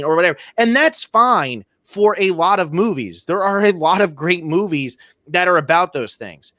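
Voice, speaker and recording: A man's voice: high voice, lively intonation, normal speed, few pauses, sharp tone, no room sound, studio quality. Opinionated man ranting about movies. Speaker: podcast co-host. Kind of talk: casual film discussion.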